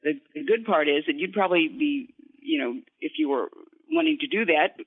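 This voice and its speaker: A woman guest voice actor in an interview, explaining voice technique in an instructive way and slipping into quick voice demonstrations. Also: low voice, no room sound. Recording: tinny phone line.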